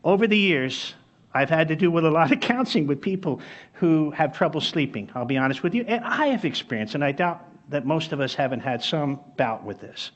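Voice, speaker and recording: A man's voice: fairly high pitch, lively intonation, fairly quick, dull audio. A man preaching a sermon as pastor, emphatic, repeating key phrases and telling stories.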